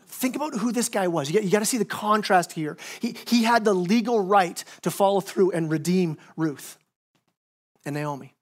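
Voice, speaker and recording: A male pastor preaching in a church, his voice sitting high for a man. He tells the story with animated, acted-out quotes, often stumbling over and repeating his words. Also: unhurried, pauses often. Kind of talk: sermon. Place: church sanctuary.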